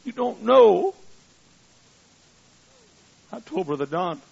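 An older man preaching a sermon, swinging between loud shouted appeals and quiet storytelling. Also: high voice, sing-song, slow, vocal fry, slightly rough. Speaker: pastor. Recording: muffled, lo-fi.

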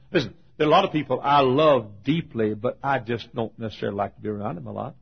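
An older man preaching a folksy, storytelling sermon, swinging between loud passages and hushed asides. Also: mid-range voice, brisk, creaky, husky. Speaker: pastor. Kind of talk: sermon with acted quotes. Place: auditorium. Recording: dull lo-fi sermon recording.

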